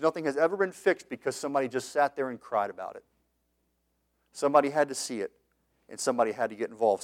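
A male preacher with a somewhat high voice delivers an impassioned sermon. He rises to loud, fervent runs and then drops to near-quiet reflection. When he reads scripture he slows into measured tones. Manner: impassioned preaching, swinging between loud and soft. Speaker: pastor, missionary.

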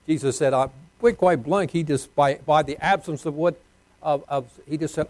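A pastor preaching a folksy sermon, swinging between loud emphatic lines and hushed ones. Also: male voice, a little high, moderate pace, dry recording.

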